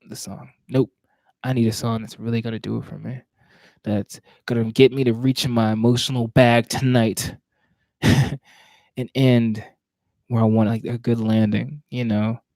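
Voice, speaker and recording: A spoken word poet with a Southern accent chats between pieces in a mellow, relaxed voice of middle pitch. He talks in a searching, reflective way, breaking off and restarting his thoughts. The sound is dry and close, with little room around it. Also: vocal fry, no room sound. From Virginia, USA. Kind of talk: casual livestream chat between poems. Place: home, at night.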